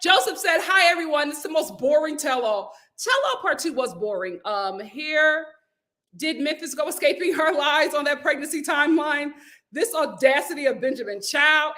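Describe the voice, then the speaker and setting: Bright-voiced chatty woman streamer. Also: high voice, animated, moderate pace. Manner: chatty storyteller, reads viewer comments aloud. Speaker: YouTube host. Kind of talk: casual live-stream chat.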